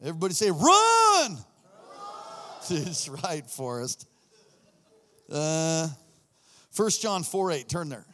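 Fired-up high-voiced preacher in a reverberant hall. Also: male voice, a little slow, pauses often. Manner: animated, swings from murmurs to shouting. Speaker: pastor. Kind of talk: sermon. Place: church hall.

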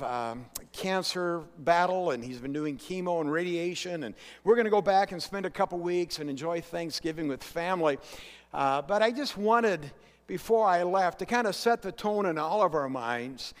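A middle-aged man preaching a sermon as pastor in a church, earnest and emphatic, drawing the congregation into call-and-response. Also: on the high side. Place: church sanctuary. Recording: long hall reverb.

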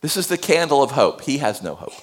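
A male pastor giving a sermon, animated, swinging between loud emphasis and hushed tones. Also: mid-range voice, fairly quick.

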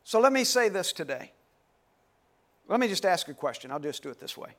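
A man's voice: sits high, very animated, fairly quick, fairly bright tone. A man preaching a sermon to a live congregation, repeating his questions, leading call-and-response and calling on listeners by name. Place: dim church hall, live congregation.

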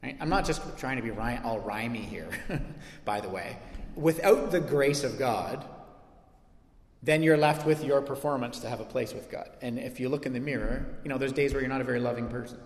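A man preaching a sermon in a church hall, animated and joking, acting out quick asides. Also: medium pitch. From North America. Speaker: pastor. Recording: echoey hall.

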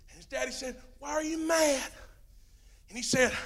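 A middle-aged preacher with a strikingly high voice. He delivers his sermon in waves, sinking to a hush and then climbing into long, shouted, stretched-out lines. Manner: swings from hushed to shouting, drawn-out emphatic phrases.

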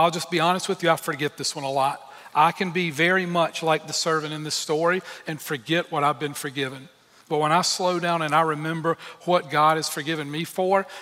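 Bright-voiced male pastor preaching in a reverberant hall. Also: fairly high pitch. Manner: earnest, emphatic preaching with candid personal asides. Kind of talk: sermon.

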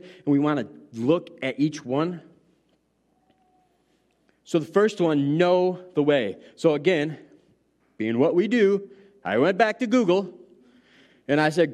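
A middle-aged pastor delivers a sermon in a relaxed, conversational tone. His voice sits somewhat high for a man. He retells scripture casually, as if telling a story to friends.

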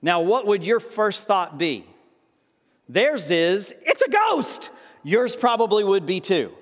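Guy preaching, pretty high voice, chatty, acts out the story bits, big echoey church. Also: expressive, slow. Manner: conversational, acts out the disciples' voices. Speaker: pastor. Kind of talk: sermon.

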